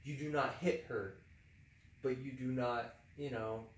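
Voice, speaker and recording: A man's voice: medium pitch, fairly even intonation, a little slow. A man co-hosting a casual podcast discussion, talking with fillers and frequent laughs. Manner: conversational, hesitant with fillers, laughs often. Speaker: co-host. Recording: echoey room, distant mic.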